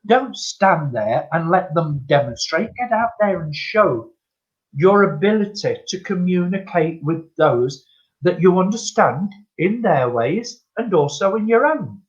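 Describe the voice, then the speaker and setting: A man's voice: high voice, very animated, measured pace. Older man, a medium and guest on a video call. Slightly raised voice that acts out his stories. Dull lo-fi audio. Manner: acts out dialogue, laughs often, calls people "my friend". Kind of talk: chatty anecdotal storytelling.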